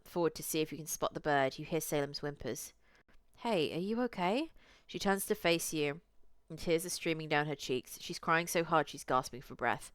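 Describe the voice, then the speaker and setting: Low-voiced woman reading a visual novel. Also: a bit bright, clean tone, no echo. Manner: chatty, reacts to the story with cursing asides. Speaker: streamer.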